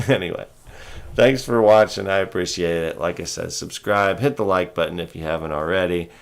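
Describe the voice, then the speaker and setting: Gravelly, deep-voiced calm man. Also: normal speed. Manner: calm, low-key, rambling delivery with little inflection. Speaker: host of a stock trading livestream. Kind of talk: casual livestream chat.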